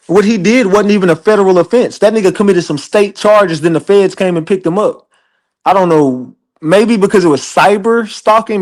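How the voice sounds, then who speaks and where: This man's voice is high. Hosting an online show, he offers casual livestream commentary with the animated, profane, laughing manner of a storyteller.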